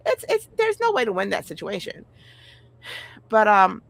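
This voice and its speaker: Blunt, profane woman with a gravelly voice. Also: mid-range voice, very animated, brisk, a bit bright, no room sound. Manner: blunt and profane, with frequent sighs and restarts. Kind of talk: candid casual chat.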